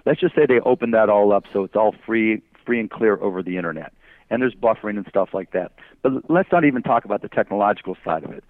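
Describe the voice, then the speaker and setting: A man's voice: on the low side, no room sound. A man guesting as an entrepreneur on a phone interview, arguing emphatically through rhetorical questions. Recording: tinny phone line.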